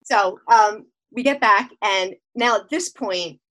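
A woman's voice: mid-range voice, slow, a bit bright, low-quality recording. A woman telling a long story as a podcast guest, laughing often as she talks. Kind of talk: casual storytelling.

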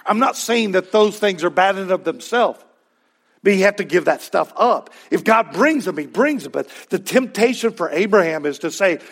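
A male pastor preaching a sermon in a conversational, emphatic way, with sudden loud peaks. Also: high-pitched.

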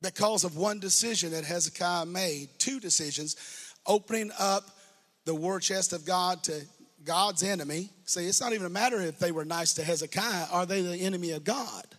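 The recording, made in a reverberant hall, catches a male pastor with a high-pitched, somewhat bright voice at normal speed. He delivers a sermon with mounting fervor, speaking directly to the congregation and adding call-and-response asides.

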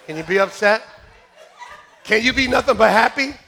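High-pitched, gravelly preacher man. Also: normal speed, noisy background. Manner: playful, joking, then shouting with excitement. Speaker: pastor. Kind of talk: lively sermon with staged skit. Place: church sanctuary.

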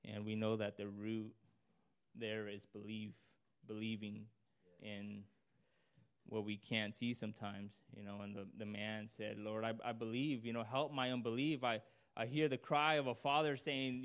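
Speaking a little slowly, the preacher has a lowish, clear, resonant voice with a fairly bright tone and little pitch movement. He reads scripture and explains it in a relaxed, earnest way, his voice climbing when he wants to emphasize something.

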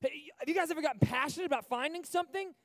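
A young man preaching an animated sermon to a church youth group, swinging from loud bursts to hushed moments. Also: very high voice, rapid-fire, dry recording, clean studio sound. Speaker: youth pastor. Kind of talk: energetic sermon. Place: church service stage.

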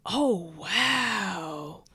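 A young woman co-hosting a casual podcast, telling an animated story and acting out the people in it. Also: mid-range voice, drawn-out words, vocal fry, breathy edge, no room sound. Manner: animated, imitates people in her stories, swears casually. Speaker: podcast co-host.

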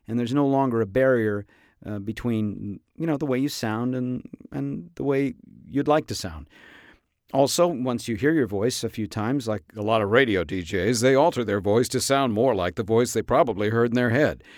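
Male podcast host, mid-pitched, playful and expressive storyteller, dry close-miked sound. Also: normal speed, dry recording. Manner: expressive, playful, comic storytelling with vivid tangents. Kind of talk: casual podcast monologue.

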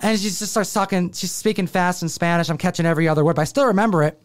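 Animated storytelling man, casual chat. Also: high-pitched, rapid-fire, clear, resonant tone. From Buffalo, New York. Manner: animated, acts out family voices. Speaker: comic book show host.

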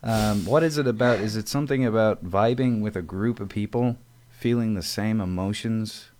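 A man's voice: lowish voice, normal speed, darkish tone, slight background noise. A man co-hosting a podcast in casual chat, curious and asking follow-up questions. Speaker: podcast co-host.

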